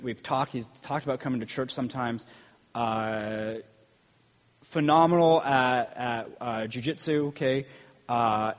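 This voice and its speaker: Conversational man preaching in a reverberant hall. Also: medium pitch. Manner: conversational, frequent "okay?" check-ins, rises in energy telling stories. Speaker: preacher and school PE teacher. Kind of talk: sermon.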